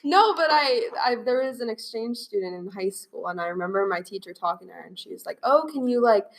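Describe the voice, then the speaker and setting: A woman co-hosting a podcast, retelling things in a bubbly, animated way. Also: medium pitch, quick pace, creaky. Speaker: podcast co-host. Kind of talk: casual chat.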